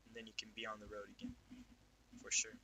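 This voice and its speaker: A young man with a lowish but very bright, sharp voice rambles aloud to himself from his chair, self-deprecating and dropping into half-whispered mutters. He sits a little back from the mic, with faint room noise behind him. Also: monotone, quick pace, recorded from a distance, rough recording. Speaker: vlogger. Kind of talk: rambling solo monologue. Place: home room, seated in a swivel chair.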